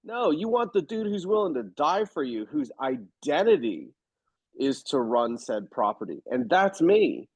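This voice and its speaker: Speaking unhurriedly in a slightly high, slightly rough voice, a male guest who invests in real estate shares stories during a relaxed interview. His delivery is animated, forceful and direct. The audio is dry and a little dull.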